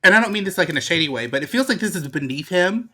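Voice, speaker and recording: A man's voice: sits high, expressive, racing, sharp tone. A man co-hosting a podcast in casual chat, giving blunt, opinionated takes. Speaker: podcast co-host.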